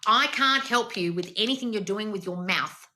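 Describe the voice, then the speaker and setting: Brash, bright-voiced woman coach. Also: medium pitch, normal speed. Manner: brash, swearing, lecturing. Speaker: manifestation coach. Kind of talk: blunt advice monologue.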